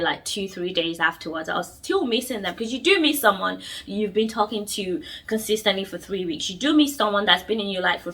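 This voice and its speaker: A young woman tells a story on her own podcast in a bright, forceful voice. She talks casually and hammers her points home by repeating words. Her voice sounds slightly distant from the mic. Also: mid-range voice. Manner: animated, emphatic, repeats words for stress. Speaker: podcast host.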